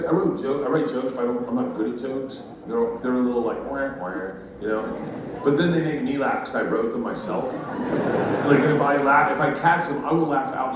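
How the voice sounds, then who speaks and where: A man's voice: mid-range voice, distant mic, noisy background. A male stand-up comedian telling stories on stage, rambling and profane, often laughing at his own jokes. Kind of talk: stand-up storytelling. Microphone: handheld stage mic heard from a distant recorder. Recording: very echoey room taped from afar, loud crowd ambience.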